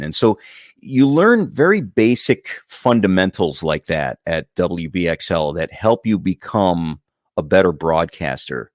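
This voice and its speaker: A man who works as a radio broadcaster, answering interview questions in a measured, clearly enunciated way. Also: low-pitched, big pitch swings, dry recording, studio quality. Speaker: radio broadcaster and voice-over guest.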